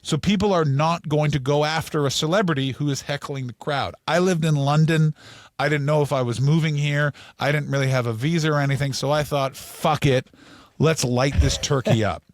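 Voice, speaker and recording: A middle-aged comedian, a man from Canada, spins animated stories at a brisk clip on a close podcast mic. His voice sits a touch high for a man and sounds dry, with no room around it. He swears freely and keeps the energy up. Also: no echo. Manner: animated, profane, fast storytelling. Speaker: comedian guest. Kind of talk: storytelling interview.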